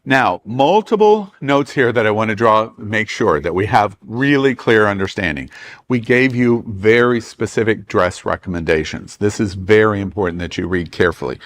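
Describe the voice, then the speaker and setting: A man's voice: lowish voice, expressive, moderate pace. A man with a Southern US accent, hosting a travel club and briefing a group in a meeting room in a chatty, joking way.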